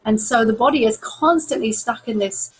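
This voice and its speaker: Calm, slightly husky woman coach. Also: on the high side, normal speed, rough recording. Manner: calm, repeats words for emphasis. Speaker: stress coach. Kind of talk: talk to camera.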